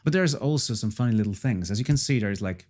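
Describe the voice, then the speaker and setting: A man's voice: lowish voice, animated, fast, darkish tone, slight background noise. A man casually walking through his own song project as a producer, chatty and repeating himself with frequent fillers. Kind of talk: casual tutorial walkthrough.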